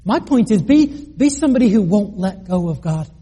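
High, husky man preaching. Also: very animated, moderate pace, dark tone. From United Kingdom. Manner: earnest, self-deprecating, with joking asides and stammered restarts. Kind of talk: sermon with personal story.

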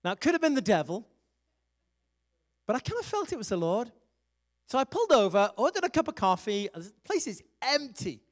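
Lively high-voiced male preacher. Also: brisk, long pauses. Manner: conversational storytelling with laughs. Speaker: evangelist and pastor. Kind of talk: sermon with personal story.

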